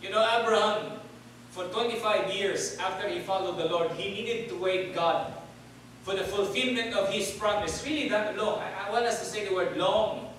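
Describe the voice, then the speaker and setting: A man's voice: high-pitched, normal speed, fairly bright tone, slight background noise. A male preacher giving a sermon, calling on the congregation to answer back and repeat words. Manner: call-and-response, asks congregation to repeat words. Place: church hall. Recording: echoey hall from far off.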